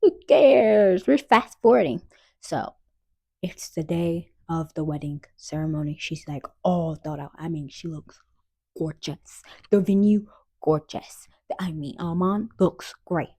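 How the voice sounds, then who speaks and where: A young woman casually recapping a film plot in a chatty, animated way, with fillers and asides. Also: sits low, unhurried, breathy edge, dry recording. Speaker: film reviewer.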